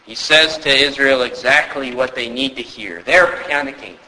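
A man's voice: medium pitch, moderate pace, bright, forceful tone. A male pastor preaching a sermon, earnest and emphatic, with rhetorical questions. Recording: echoey hall with long reverb.

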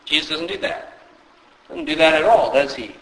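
A man preaching a sermon, often asking rhetorical questions and rising sharply in pitch for emphasis. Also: moderate pace, fairly bright tone, long reverb tail, low-quality recording. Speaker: pastor.

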